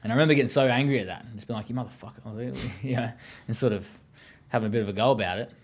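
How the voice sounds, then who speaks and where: A man's voice: medium pitch, rapid-fire. An Australian man speaking as an interview guest, telling his story in a blunt, profane, casual way with many fillers.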